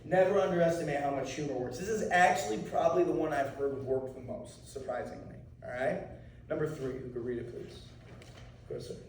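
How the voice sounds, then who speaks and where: A martial arts instructor talking casually to a class of students, often checking in with "okay?" and "right?". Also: male voice, fairly high pitch, fairly quick, slight background noise. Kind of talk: anti-bullying talk to a class. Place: school room with students. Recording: echoey room, mic far off.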